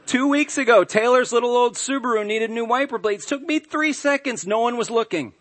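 A man's voice: very high voice, fairly quick, a bit bright. A middle-aged man, a pastor, preaching a sermon in a church in a conversational, humorous storytelling way. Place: church sanctuary.

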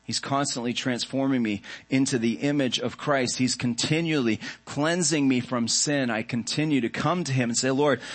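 A male pastor delivering a sermon in a mid-pitched voice. He speaks earnestly and reflectively, with measured, unhurried phrasing.

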